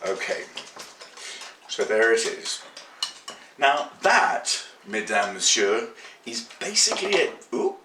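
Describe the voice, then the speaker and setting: Guy chatting thru a cooking demo, lively up and down voice, kinda far from the mic in a roomy kitchen. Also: mid-range voice, slow pace, pauses often, slight background noise. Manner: chatty, self-mocking, playful asides. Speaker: home cooking host. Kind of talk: casual cooking demonstration.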